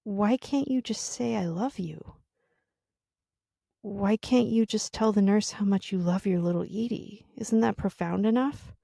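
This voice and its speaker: A woman reading aloud, voicing a possessive young woman who speaks softly and insistently to a wounded partner. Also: medium pitch, measured pace, vocal fry, dry recording, clean studio sound. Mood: hushed, insistent.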